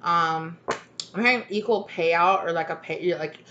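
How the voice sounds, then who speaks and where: A woman's voice: on the low side, normal speed, highs cut off, background noise. A woman giving a casual, rambling tarot reading, chatty and full of fillers and restarts. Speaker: tarot reader.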